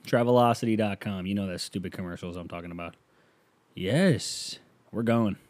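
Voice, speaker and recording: A man hosting his own podcast in loose, joking casual chat, rambling with sudden jumps in pitch. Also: warm tone, no echo. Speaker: podcast host.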